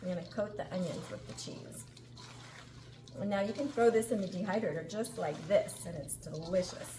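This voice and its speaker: A woman's voice: on the low side, moderate pace. A middle-aged woman hosting a casual cooking demonstration in a home kitchen, upbeat and chatty, laughing often. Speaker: cooking show host. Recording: echoey kitchen with background noise.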